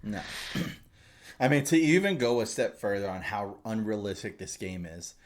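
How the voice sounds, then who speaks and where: A man co-hosting a podcast, telling a story in casual chat with lots of swearing, fillers and excited asides. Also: on the low side, unhurried. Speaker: podcast co-host.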